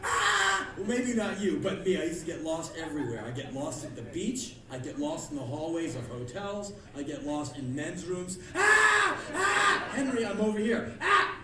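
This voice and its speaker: A man telling comic stories live on stage before an audience, animated and given to sudden yelling and acted-out screams. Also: on the high side, normal speed, few pauses. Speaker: spoken-word performer. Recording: echoey club heard from far off, with crowd and noise.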